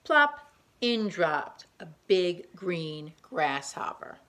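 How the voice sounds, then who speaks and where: A woman reading a picture book aloud to children, gently pausing to point out the pictures. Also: fairly low pitch, big pitch swings, slight background noise.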